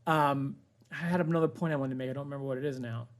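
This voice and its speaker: A man's voice: medium pitch, steady tone, very fast. A young man hosting a podcast, chatting casually with teasing, joking banter. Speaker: podcast host. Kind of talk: casual chat.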